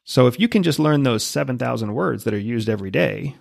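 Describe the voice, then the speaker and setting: Gravelly, husky man explaining confidently. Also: medium pitch, expressive, quick pace, no room sound, clean studio sound. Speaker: podcast guest, former spy. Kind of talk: casual interview talk.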